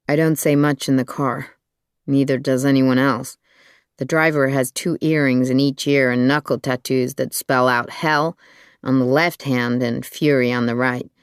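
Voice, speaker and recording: An audiobook narrator reading a thriller in an even, measured storytelling manner. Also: medium pitch, clear, resonant tone, dry recording, studio quality.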